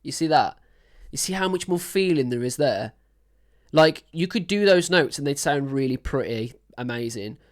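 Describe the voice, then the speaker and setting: A woman's voice: deep voice, expressive, normal speed. A woman hosting a music reaction, talking casually and enthusiastically with lots of fillers as she breaks down a song. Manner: enthusiastic, rambling with many fillers.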